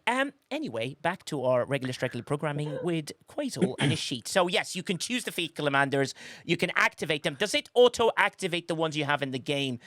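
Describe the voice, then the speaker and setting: A high, bright male voice hosting a live stream, talking casually and bouncing all over his range. He is animated and quick to exclaim. The sound is dry and close. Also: no echo. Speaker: podcast host.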